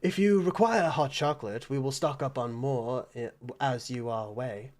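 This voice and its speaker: A man plays a courteous male castle host in a tabletop game. He is formal and gracious, with a mid-pitched voice that speaks politely to his guests. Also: moderate pace, darkish tone, natural voice.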